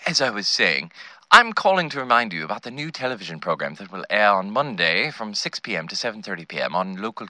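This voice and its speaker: A man's voice: lowish voice, sharp tone, no echo. A man voicing a polite English survey agent who reads a formal script over the phone.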